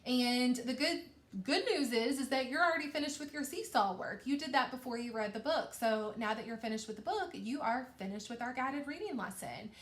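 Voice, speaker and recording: A woman teacher giving a recorded reading lesson to young children, talking slowly and encouragingly. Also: a little high, expressive. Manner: slow, patient, encouraging teacher talk. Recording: echoey room.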